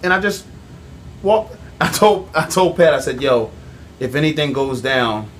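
A man's voice: a little high, expressive, a little slow, slight background noise. A young man, telling a long story on a casual podcast, with many ums and acted-out voices for the people in it. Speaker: podcast co-host.

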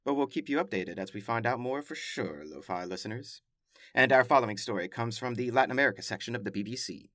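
A man's voice: medium pitch, expressive, quick pace, a bit bright, no echo. A male podcast host who runs through world headlines in a casual, emphatic way and adds wry, exasperated asides. His voice sits in the middle register and is recorded dry and close, with no room sound. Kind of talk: casual news commentary.

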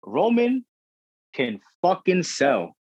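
A young man co-hosting a casual wrestling podcast, talking in a profane, slangy, excitable way. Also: high voice, slow, husky, no room sound. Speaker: podcast co-host. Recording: dry dull lo-fi audio.

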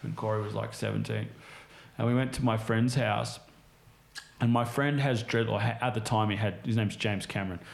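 A man's voice: on the low side, steady tone, moderate pace, creaky. A man, a podcast guest, telling stories casually in a rambling way, swearing constantly and filling his speech with "like" and "right?". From Australia. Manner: rambling, heavily profane storytelling full of fillers. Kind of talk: casual chat, storytelling. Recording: roomy echo.

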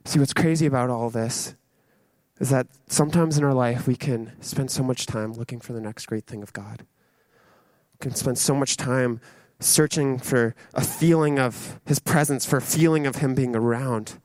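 A man's voice: medium pitch, normal speed, darkish tone, no echo. A young man preaching a sermon, dramatic, acting out voices and dropping to a near whisper.

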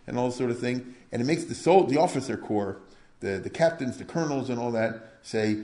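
An older man lecturing in a casual, conversational way, often checking in with his listeners through rhetorical questions. His voice sits at a middle pitch, and the recording carries a noticeable room echo. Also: brisk, mellow. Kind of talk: informal history lecture. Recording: echoey room.

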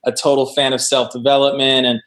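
Male guest, mid-pitched, relaxed and joking as he tells his story. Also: a little fast. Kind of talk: casual conversation.

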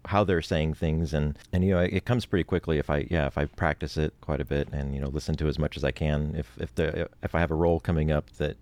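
A man's voice: a bass voice, fairly even intonation, quick pace, few pauses, a little mellow, no room sound. A man who works as a voice actor, talking in a laid-back, easygoing way in a casual interview, often chuckling and restarting his sentences. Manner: laid-back, chuckles often, repeats words when starting.

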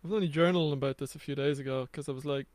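A man's voice: on the high side, fairly even intonation, very fast, a little mellow. A man in casual podcast conversation who talks in a reflective, hesitant way with restarts and laughter.

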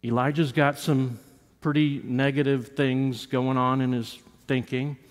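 A man's voice: medium pitch, flat delivery, a little slow. A man preaching a sermon as pastor, talking in a conversational way with frequent restarts and acting out quoted lines. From United States. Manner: acts out quoted lines with rises and drops in voice. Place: church sanctuary. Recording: long reverb of a church sanctuary.

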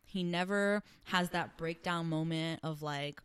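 A woman's voice: deep voice, measured pace, a bit bright, smooth. A woman co-hosting a podcast in casual chat, opinionated and making her case. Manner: opinionated, argues her reading of the episode. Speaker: podcast co-host.

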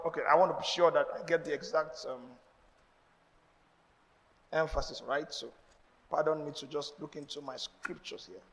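A man with a Nigerian accent, a pastor preaching a sermon with emphatic call-and-response to the congregation. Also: fairly high pitch. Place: church. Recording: long reverb in a large hall.

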